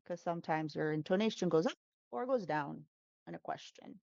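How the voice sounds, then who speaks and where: A woman's voice: fairly low pitch, animated, a little fast, gravelly, a little mellow, no echo, highs cut off. A woman who teaches English pronunciation, chatting as an interview guest with lots of fillers and self-corrections. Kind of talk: casual interview answers.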